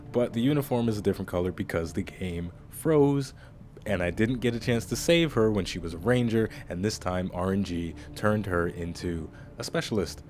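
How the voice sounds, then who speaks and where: A man's voice: deep voice, darkish tone, a little hiss or hum. A man casually commenting on his own strategy-game playthrough in a chatty, rambling way. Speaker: let's-play host.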